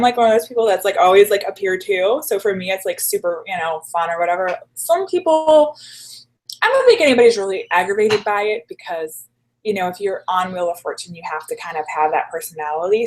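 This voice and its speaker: A woman's voice: on the low side, rough recording. A woman telling stories in a casual interview, chatty and full of "like" fillers. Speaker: guest. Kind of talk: casual storytelling chat.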